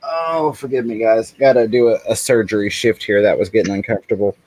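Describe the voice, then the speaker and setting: Man, live stream host, casual chat, fairly low voice, chatty, laughs a lot. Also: fairly even intonation, fairly quick, darkish tone, no echo, rough recording. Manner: chatty, laughs often, apologetic asides.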